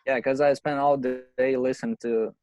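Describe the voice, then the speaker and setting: A man's voice: mid-range voice, steady tone, moderate pace, a little mellow. A man in a class chat, speaking plainly and briefly. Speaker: class participant. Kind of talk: casual chat. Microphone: video call.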